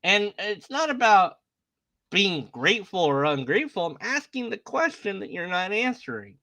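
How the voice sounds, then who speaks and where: A very animated man with a high-pitched, bright, forceful voice hosts a casual online video, talking at normal speed as he sarcastically reacts to images. His commentary is a run of questions and impersonations.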